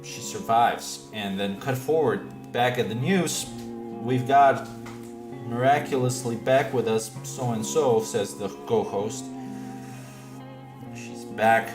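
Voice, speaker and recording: A man's voice: mid-range voice, takes it slowly, echoey room, over music. A man casually retelling a story while drawing on a livestream, rambling and digressive. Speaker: streamer. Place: room with reverb.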